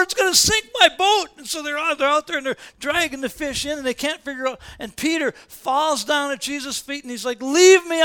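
A man preaching a sermon, retelling scenes in a lively, casual storytelling way and acting out the quoted voices with slang. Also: extremely high pitch. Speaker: pastor.

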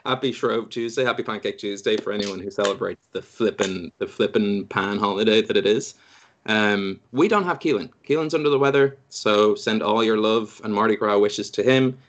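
A man hosting a casual podcast chat, jokey and quick to laugh. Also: on the low side, muffled recording. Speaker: podcast host.

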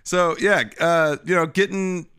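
A man's voice: sits high, fairly even intonation, measured pace, a bit bright, clean tone. A man co-hosting a podcast in casual chat, speaking earnestly and emphatically with slang. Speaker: podcast co-host.

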